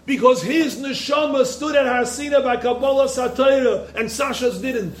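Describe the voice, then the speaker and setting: A man's voice: very high-pitched, moderate pace, a little hiss or hum. A man giving an impassioned Torah lecture to yeshiva students, repeating phrases for emphasis. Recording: echoey room.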